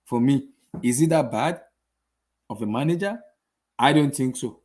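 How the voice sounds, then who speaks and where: After a match, a young man who runs a casual football channel rants, firing off exasperated rhetorical questions and repeating himself a lot. His voice is medium-pitched, a little mellow and a little slow.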